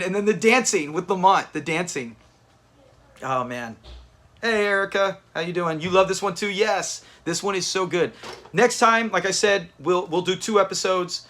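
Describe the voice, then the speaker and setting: A man's voice: a little high, pushed and bright. A man hosting a live watch party, chatting casually with viewers and thanking them by name. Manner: chatty, reads out viewer names, restarts often.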